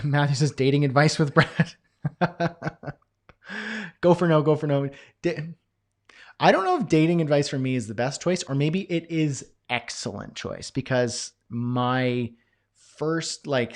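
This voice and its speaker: A man's voice: mid-range voice, darkish tone. A man from Canada with a Canadian accent, hosting a live Q&A call. He reads chat comments aloud and rambles and jokes, with lots of fillers. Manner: rambling and jokey, with many fillers. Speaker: course host and coach.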